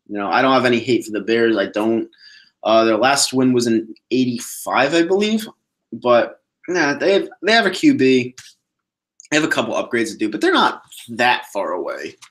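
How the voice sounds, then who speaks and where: A man's voice: mid-range voice, normal speed. A man hosting a casual solo sports podcast, talking bluntly and swearing as he answers viewer questions. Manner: blunt, profane, animated ranting.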